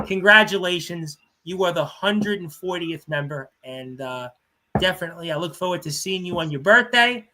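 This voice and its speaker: A man hosting a live-streamed sports talk show, chatty and rambling, with many fillers and shout-outs to viewers. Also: high-pitched, expressive, moderate pace. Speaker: radio show host.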